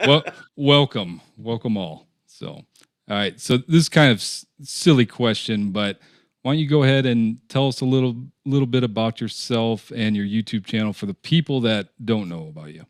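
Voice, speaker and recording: A man's voice: mid-range voice, normal speed, no room sound, clean studio sound. A man hosting a casual live-stream interview, greeting the chat and asking questions in an easygoing way. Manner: easygoing, reads chat names aloud. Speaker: host.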